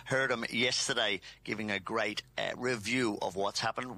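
A man's voice: on the low side, steady tone, normal speed, hardly any pauses, pushed and bright. A man with a mixed Irish and Australian accent, hosting a radio sports show in a chatty, rambling, enthusiastic way. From Ireland. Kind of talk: casual radio chat.

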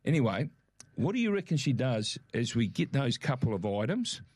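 Australian male co-host, animated storyteller, mid pitch, dry close sound. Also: normal speed, breathy edge, no room sound. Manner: animated, acts out quoted voices. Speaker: podcast co-host. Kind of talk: casual storytelling chat.

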